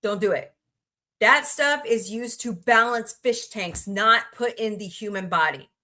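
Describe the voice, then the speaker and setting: A woman's voice: a little high, measured pace, pushed and bright. A woman hosting a casual livestream, chatting, greeting viewers by name and rambling through asides. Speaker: livestream host.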